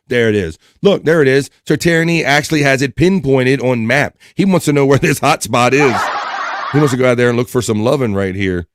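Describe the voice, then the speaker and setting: A man's voice: mid-range voice, brisk, no room sound. Man, livestream host, chatty, reads comments aloud, mid voice, dry sound. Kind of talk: casual livestream chat.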